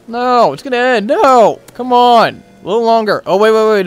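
Gamer narrating their own play live: vexed, cursing, big pitch swings from shouts to mutters. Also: animated, moderate pace, hardly any pauses, smooth. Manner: frustrated, swearing and yelling at the game; swings between loud outbursts and low muttering. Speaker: video game player. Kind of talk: live gameplay commentary.

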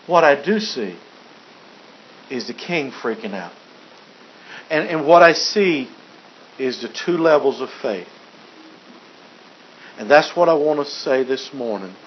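A man's voice: mid-range voice, a little hiss or hum. A man preaching a sermon as pastor, joking and chuckling, with frequent restarts. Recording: dull lo-fi recording.

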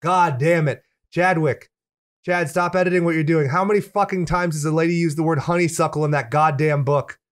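A man's voice: on the high side, fast talker, hardly any pauses, no echo. A man co-hosting a casual film review podcast from his garage, joking and swearing freely. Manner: joking, profane, animated. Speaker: podcast co-host. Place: home garage.

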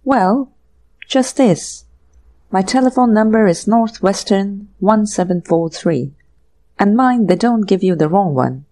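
A woman voicing a breezy, cheerful young gentleman in a storybook reading, talking lightly and pleasantly. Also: medium pitch, expressive, a little slow. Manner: light, pleasant, jaunty banter.

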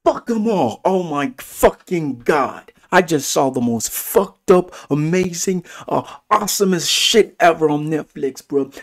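A man excitedly ranting about a film, gushing and swearing with lots of exclamations. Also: fairly high pitch, measured pace, few pauses. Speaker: movie reviewer. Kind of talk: excited movie rant.

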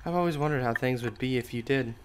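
A man reading aloud the chat messages of a sad young woman confiding in a friend, speaking softly and a little higher. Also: fast, lightly acted. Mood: wistful. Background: loud background music and keyboard typing.

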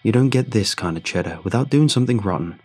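A man voicing a gruff, dismissive male furniture mover who talks bluntly in rough dialect. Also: fairly low pitch, expressive, fast, darkish tone, soft background music.

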